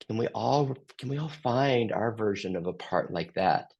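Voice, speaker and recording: Gravelly man guiding a slow group reflection. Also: lowish voice, expressive. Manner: gentle, slow, many open questions. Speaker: facilitator.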